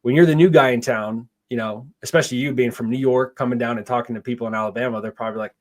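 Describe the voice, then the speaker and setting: A man talking through his answers in an easygoing, meandering way, circling back and restarting his sentences. His voice sits at an ordinary middle pitch. He has no Southern twang. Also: fast. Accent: none, not Southern. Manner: relaxed, rambling with fillers and restarts. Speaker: guest, park investor. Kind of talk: casual interview answers.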